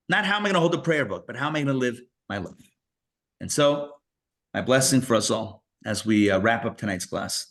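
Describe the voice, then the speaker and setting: A man's voice: medium pitch, a bit bright. A man teaching a live Torah class, telling a story in a loose, conversational way with fillers and restarts.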